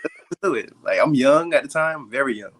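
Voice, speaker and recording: Young male guest, relaxed slangy talker with a mid-pitched voice. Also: moderate pace, a little hiss or hum. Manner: laid-back, slangy, lots of "like" fillers. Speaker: podcast guest, fighter. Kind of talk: casual podcast chat.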